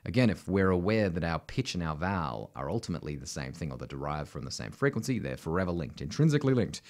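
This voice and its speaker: Australian man, lively low voice. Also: fast. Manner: conversational, constant "right?" tags, sings demonstrations. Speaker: vocal coach. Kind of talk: casual instructional talk.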